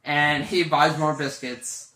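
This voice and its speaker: Slow man in an echoey room. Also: a little high, flat delivery, bright, forceful tone. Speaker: guest storyteller. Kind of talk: improvised comic storytelling.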